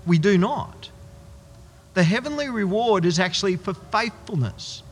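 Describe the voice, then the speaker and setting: A man preaching a sermon as pastor, emphatic and slowing down hard on key words, in a church hall. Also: high-pitched, animated, husky.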